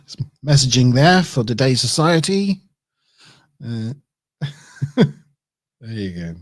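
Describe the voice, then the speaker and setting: Slow, easygoing man thinking aloud. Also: medium pitch, sing-song. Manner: thinks aloud, chuckling and self-correcting as he works. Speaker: streamer. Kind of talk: casual livestream chat while building models.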